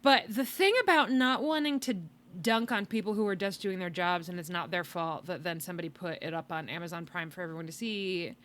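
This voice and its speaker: A woman's voice: lowish voice, fairly quick, fairly bright tone, a little hiss or hum. A woman hosting a podcast in casual chat, tired, wry and rambling, with sighs and laughs. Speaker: podcast host.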